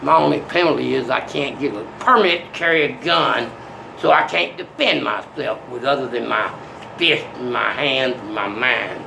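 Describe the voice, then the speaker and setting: An older man in a rambling monologue that swings from soft to menacing. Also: mid-range voice, normal speed, vocal fry, background noise.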